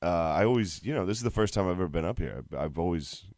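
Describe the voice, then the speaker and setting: A man's voice: low-pitched, expressive, racing, a little mellow, no echo, clean studio sound. A comedian in his thirties, chatting as a podcast guest in a laid-back way, chuckling and repeating "yeah". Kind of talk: casual podcast chat.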